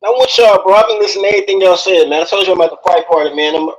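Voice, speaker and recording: A man's voice: high-pitched, steady tone, rapid-fire, rough recording. A man from Brooklyn calling into a live stream from a party, talking in playful, boastful street slang. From Brooklyn, New York. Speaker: guest caller. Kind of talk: casual live-stream chat.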